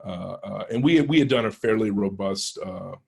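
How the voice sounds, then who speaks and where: A man's voice: on the low side, normal speed, creaky, a little mellow, breathy edge. A man who works as a penetration tester, telling a story in a casual, conversational way with restarts and acted-out quotes.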